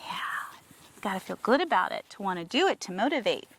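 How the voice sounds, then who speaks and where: Horse trainer lady chatting to camera, pretty animated and bouncy, lots of soft praise for the horse. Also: mid-range voice, fast, breathy edge. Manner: coaxing praise to the horse, enthusiastic explanations to viewers. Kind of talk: casual training vlog talking to camera and horse. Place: outdoors with a horse.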